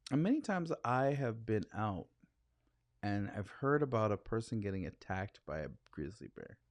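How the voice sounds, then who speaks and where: Lively-voiced man co-hosting a podcast. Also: fairly low pitch, normal speed, dry recording. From Canada. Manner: expressive, playful banter. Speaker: podcast co-host. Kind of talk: casual chat.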